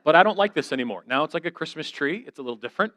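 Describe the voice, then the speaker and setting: A man with a somewhat high voice gives a church talk, recorded close and dry. He tells stories in a lively, self-deprecating way, acting out the back-and-forth of each conversation. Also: very fast, no echo. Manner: animated, self-deprecating storyteller acting out dialogue. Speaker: guest speaker.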